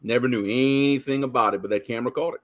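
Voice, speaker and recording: A man's voice: medium pitch, quick pace. Co-host man, casual, emphatic, repeats points to drive them home. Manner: emphatic, repeats himself for stress. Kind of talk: casual chat on a live stream.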